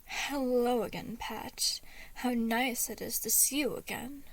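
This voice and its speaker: A woman reading aloud and voicing a sly, smug, deceitful young man, speaking in a hushed, half-whispered way. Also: fairly high pitch, a little slow.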